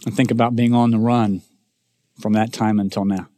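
A man preaching a sermon as pastor, emphatic, rising to raised declarations and dropping to hushed asides while speaking directly to his congregation. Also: lowish voice, level tone, moderate pace. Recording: long hall reverb.

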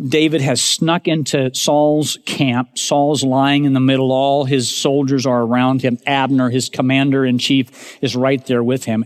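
Addressing his congregation directly, a pastor with a mid-range voice gives an emphatic sermon, swinging between loud proclamations and quiet asides. The room adds long hall reverb.

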